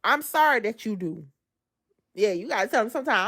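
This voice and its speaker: A woman's voice: mid-range voice, lively intonation, fairly quick. Amped-up woman preaching to y'all. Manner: amped-up and colloquial, addressing listeners as y'all; swings between loud emphasis and soft asides. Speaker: speaker giving a devotional testimony. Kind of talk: preachy devotional talk.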